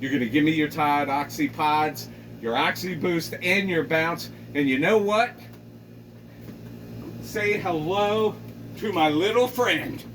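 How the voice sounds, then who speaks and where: A man's voice: on the high side, takes it slowly, a bit bright, recorded from a distance, low-quality recording. Furious hoa president lady waving guns, tough-talking and swearing, a guy doing her voice, mic a ways off, lots of room noise. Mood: menacing. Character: angry hefty middle-aged female HOA president with guns.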